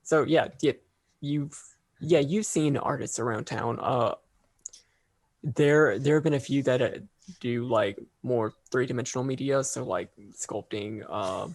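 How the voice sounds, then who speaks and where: A man runs a tabletop game as its game master, his voice gravelly with fry at mid pitch. He talks hesitantly, filling gaps and restarting lines. The sound is dry and close. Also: measured pace, a little mellow, no room sound. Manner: hesitant, full of fillers and restarts.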